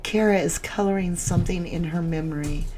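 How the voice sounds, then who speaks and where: A woman's voice: on the low side, brisk, dark tone, a little hiss or hum. A woman hosting a casual livestream chat, emotional as she reads viewer comments aloud. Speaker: livestream host.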